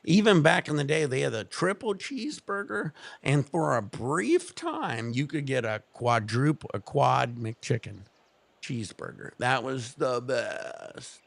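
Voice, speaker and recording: Chill guy streaming at home, gravelly voice, dry close mic, rambles n swears. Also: mid-range voice, very animated, a little slow, no echo. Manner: rambling, swearing, laid-back. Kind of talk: casual stream chat.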